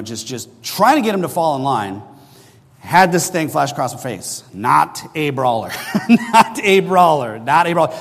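A middle-aged man preaching a sermon, telling a personal story in a conversational way and often checking in with the listeners. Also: on the high side. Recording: long hall reverb.

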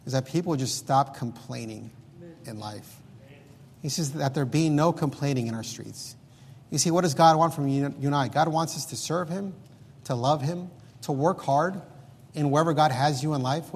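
A man's voice: a little high, breathy edge, long reverb tail. A man preaching an earnest sermon, his volume swelling and dropping as he exhorts the congregation. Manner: earnest preaching, rising and falling loudness.

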